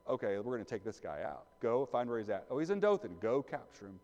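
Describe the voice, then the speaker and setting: A man voicing an angry ancient king who barks gruff, hurried orders. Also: mid-range voice, big pitch swings, darkish tone, long reverb tail, lo-fi sound, natural voice.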